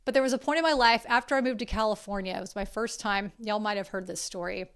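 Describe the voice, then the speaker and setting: A woman's voice: medium pitch, fast talker, clear, resonant tone. Earnest woman hosting a podcast. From South Carolina. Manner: earnest and emotional, swears casually. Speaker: podcast host. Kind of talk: casual heartfelt podcast monologue.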